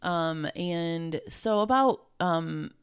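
A middle-aged woman with a low voice and a gravelly edge talks as an interview guest. She speaks from the heart, emotional and halting, and often breaks off and restarts. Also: lively intonation. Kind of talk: heartfelt conversation.

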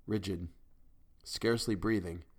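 A man's voice: sits low, steady tone, unhurried. A man giving a dramatic first-person reading of a weird tale. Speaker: audiobook narrator. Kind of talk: scripted narration of a weird tale.

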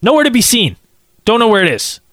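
A man telling a casual anecdote, acting out quotes in an animated way and saying "like" a lot. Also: sits high, brisk, no room sound, studio quality.

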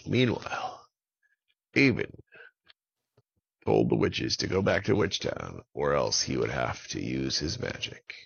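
A man with a very low, gravelly voice tells a children's story. He speaks slowly, with lively ups and downs in pitch. The recording is slightly dull and lo-fi. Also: no echo. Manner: unhurried, expressive storytelling.

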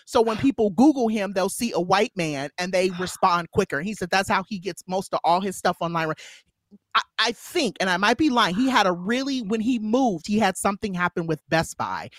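A woman's voice: medium pitch, lively intonation, moderate pace, no echo. A woman hosting a podcast, chatting enthusiastically and affirming her guest. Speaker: podcast host. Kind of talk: casual podcast chat.

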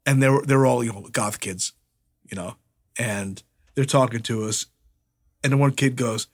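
A man co-hosting a podcast, telling old wrestling stories in a profane, animated way and imitating other people as he goes. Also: mid-range voice, moderate pace, long pauses. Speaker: podcast co-host, former wrestler. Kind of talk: casual storytelling chat.

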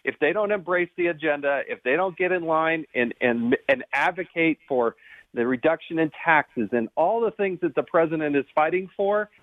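Man, congressman guest, forceful, slightly high voice, thin phone line. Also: dry recording. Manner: forceful, insistent. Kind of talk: phone-in political interview.

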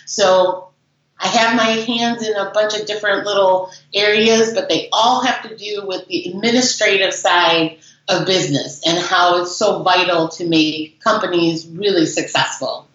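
A woman's voice: medium pitch, a little slow. A woman in her forties from the Chicago suburbs, chatting as an interview guest and telling stories with lots of fillers. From Chicago suburbs, USA. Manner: chatty, animated storyteller with fillers. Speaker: guest, business founder. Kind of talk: casual interview storytelling. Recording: very echoey, dull lo-fi remote audio.

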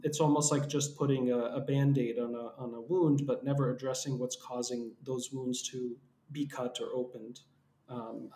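A man hosting a podcast conversation, steady and reflective, now and then pausing on filler words. His voice sits at a middle pitch. The recording carries a noticeable roomy echo. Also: a little hiss or hum. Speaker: podcast host.

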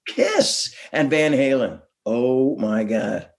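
Musician guy rambling through stories, chuckles a lot, mid pitch. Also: very animated, takes it slowly, creaky. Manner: rambling, chuckling, many restarts. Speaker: guest musician. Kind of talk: casual interview storytelling.

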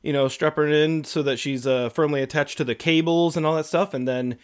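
A man's voice: a little high, fairly even intonation, brisk, clean tone. A man co-hosting a podcast, telling a story casually with many fillers and acted-out quotes. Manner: rambling, lots of fillers, acts out quotes. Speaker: podcast co-host.

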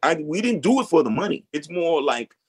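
A man's voice: fairly high pitch, very animated, brisk, husky. A middle-aged man speaking as a guest in a casual interview, laid-back and frank with slangy talk.

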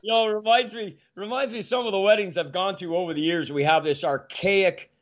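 Rambling storyteller man, slightly high voice. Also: fairly even intonation, brisk, dull audio. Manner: rambling, self-mocking anecdotes with frequent restarts. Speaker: guest. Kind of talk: casual storytelling chat.

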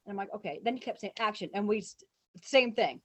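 Animated woman telling a story. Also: mid-range voice, quick pace, husky. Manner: animated, acts out quotes with big shouts; swears freely, laughs while telling. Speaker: guest telling stories. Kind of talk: casual storytelling.

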